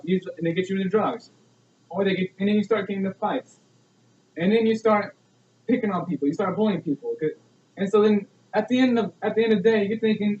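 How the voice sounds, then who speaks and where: Young male student, high voice, delivering an earnest persuasive speech with many rhetorical questions; distant, echoey, dull lo-fi recording. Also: a little fast, darkish tone, slight background noise. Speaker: student speaker.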